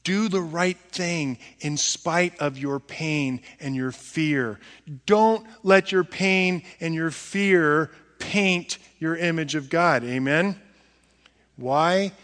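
A man preaching a sermon as pastor, swinging from quiet low murmurs to loud, emphatic high peaks. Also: slow. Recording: long hall reverb.

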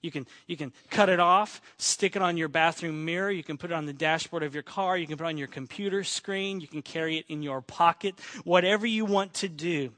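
A pastor with a fairly high-pitched voice preaches to his church, speaking briskly with hardly any pauses. He tells an earnest story and quotes a friend's words, moving between excitement and a hushed tone. The recording has no room sound.

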